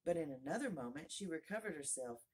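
A woman reading a storybook aloud as narrator, in a calm, even manner. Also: low-pitched, fast, breathy edge. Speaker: audiobook reader.

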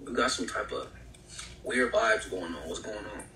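A man's voice: lowish voice, normal speed, sharp tone, a little hiss or hum. A man from New York on a live-stream call, talking in laid-back, evasive slang. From New York, USA. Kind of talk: casual video-call chat. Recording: roomy echo.

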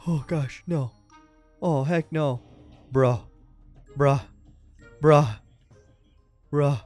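An excitable young man narrates a game as he plays, jumping from chatty remarks to panicky shouts. His voice sits a little high and leaps all over the place. Faint music plays under him. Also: unhurried, pauses often, dry recording. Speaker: gaming YouTuber. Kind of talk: let's-play commentary.

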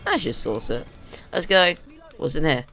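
A man narrating a let's play, excitable and panicky, with self-mocking jokes, on a desk condenser mic at home. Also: a little high, moderate pace, vocal fry, soft background music. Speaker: gaming video host.

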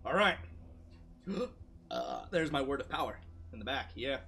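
A man casually chatting and commentating while playing a video game, loud and playful, bursting into shouts. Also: mid-range voice, lively intonation, unhurried, slight background noise. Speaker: gameplay commentator. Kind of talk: casual gaming chat.

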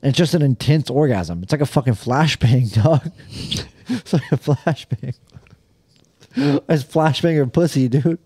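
A man's voice: medium pitch, unhurried, mellow, husky, no room sound, studio quality. A young man co-hosting a podcast in casual chat, crude and joking, laughing often as he talks. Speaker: podcast co-host.

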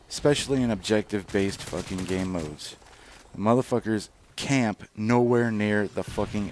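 A man's voice: lowish voice, slight background noise. A man casually commenting over gameplay footage, rambling and swearing freely, with lots of fillers and restarts. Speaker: gaming channel host.

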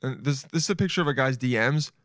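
A man's voice: mid-range voice, quick pace, a bit bright, no echo, studio quality. A young man hosting a podcast, riffing casually and animatedly, laughing often and slipping in slang like "dude". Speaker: podcast host. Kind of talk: casual solo podcast riff.

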